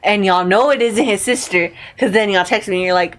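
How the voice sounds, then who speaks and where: A woman's voice: lowish voice, steady tone, brisk, few pauses. A young woman hosting a casual podcast chat with friends. She laughs often and poses hypothetical questions. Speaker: podcast host.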